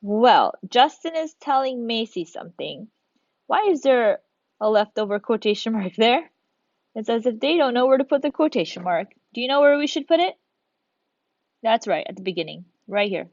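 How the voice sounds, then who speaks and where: A woman's voice: fairly high pitch, expressive, moderate pace, a little mellow, dry recording, highs cut off. Encouraging woman teaching kids on video. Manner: encouraging, talks students through each step. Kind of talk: recorded video lesson for children.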